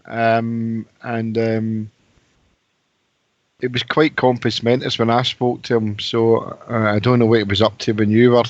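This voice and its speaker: A man's voice: mid-range voice, level tone, a little slow, no echo. Man, jokey chatty caller, ums and laughs, dry dull phone sound. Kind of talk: casual phone-in chat.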